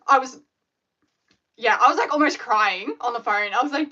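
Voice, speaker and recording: A woman, chatting on her live stream in an animated, rambling way full of fillers. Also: fairly high pitch, moderate pace, pauses often, highs cut off. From Australia. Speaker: scrunchie maker hosting a live stream. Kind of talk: casual live-stream chat.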